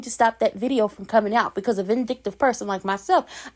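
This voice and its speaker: A woman's voice: a little high, a little fast. Sassy woman recapping soap drama. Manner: sassy, emphatic, slangy storytelling. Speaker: soap opera recap host. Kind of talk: casual opinionated recap commentary.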